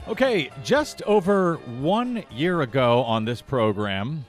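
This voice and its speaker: A man's voice: on the high side, expressive, slow pace, soft background music. Emphatic indignant male radio host. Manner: indignant, emphatic, repeats phrases. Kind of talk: political talk radio commentary.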